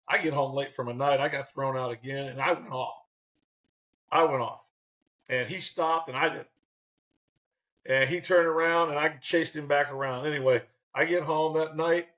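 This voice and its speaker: An older man in his sixties telling stories in an interview, his voice somewhat higher than most men's. He is animated and lively and slips into other people's voices as he goes. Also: low-quality recording. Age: 60s. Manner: animated, acts out quotes. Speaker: guest, former baseball manager. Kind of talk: interview storytelling.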